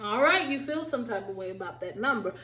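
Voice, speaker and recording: A woman giving a casual, animated recap of a reality show, talking straight to her viewers with a sassy edge. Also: mid-range voice, quick pace, roomy sound. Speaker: recap vlogger.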